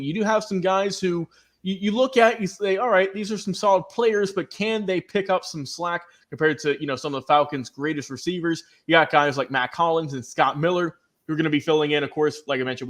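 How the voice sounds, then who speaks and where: A man co-hosting a sports talk radio show, running through a team's roster in a steady, conversational way and turning to his co-host. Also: a little high.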